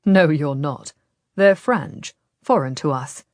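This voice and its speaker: A woman voicing a smooth, persuasive Ottoman nobleman who speaks quietly and gently in an audiobook. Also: sits low, slow pace, dry recording, clean studio sound, pitched below the performer's own voice. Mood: coaxing, ominous.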